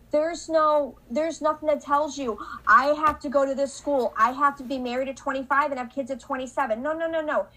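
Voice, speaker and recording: Animated high-voiced woman in her thirties. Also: brisk, low-quality recording. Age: 30s. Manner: animated storyteller, acts out conversations. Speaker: podcast guest. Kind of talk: casual podcast chat.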